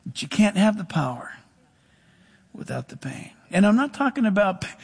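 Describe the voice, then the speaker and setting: A middle-aged male pastor preaching a sermon, animated, with sudden drops to soft, low asides. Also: moderate pace, gravelly, slightly rough.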